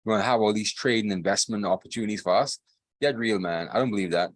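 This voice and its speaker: A man's voice: on the low side, quick pace, no room sound. A man co-hosting a podcast, ranting emphatically and repeating himself in casual political talk. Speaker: podcast co-host.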